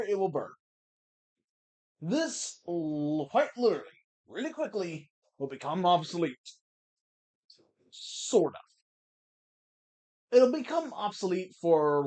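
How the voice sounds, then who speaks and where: Gamer commentary, unhurried, lively up-and-down pitch, wry and casual, a bit of swearing. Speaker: let's-play gamer.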